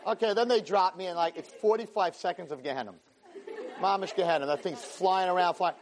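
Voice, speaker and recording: Animated rabbi telling stories. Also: male voice, high voice, a little fast, some chatter behind. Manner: animated, self-mocking, mixes Hebrew and Yiddish words. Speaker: rabbi and teacher. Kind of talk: Torah class storytelling.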